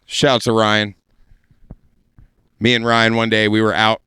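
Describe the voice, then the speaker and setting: A stand-up comedian telling a crude story in a podcast studio, with a brash, animated delivery. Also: male voice, lowish voice, a little slow, smooth, no echo.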